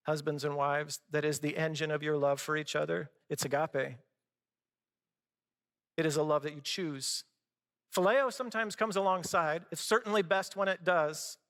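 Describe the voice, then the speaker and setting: A man's voice: on the high side, pushed and bright. A middle-aged man, a pastor, preaching a sermon in a conversational way with personal stories. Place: church sanctuary. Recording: long hall reverb.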